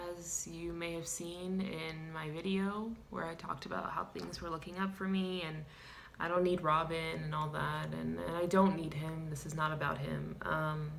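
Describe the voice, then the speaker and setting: A woman's voice: on the low side, gravelly, slight background noise. A woman playing a self-pitying woman who identifies as a clown, in a comedic character vlog, sighing and ranting with dramatic outbursts. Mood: sulky.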